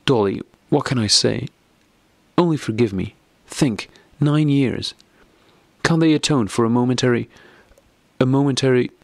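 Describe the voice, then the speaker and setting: Man reading guilty pleading husband, piteous, audiobook, raised gravelly voice. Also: mid-range voice, unhurried, dry recording, voice pushed up.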